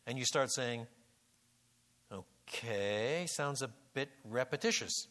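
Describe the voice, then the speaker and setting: A man's voice: medium pitch, slow pace, a bit bright. A man giving an expository Bible lecture, repeating and restarting words and rising to emphatic peaks. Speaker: Bible teacher.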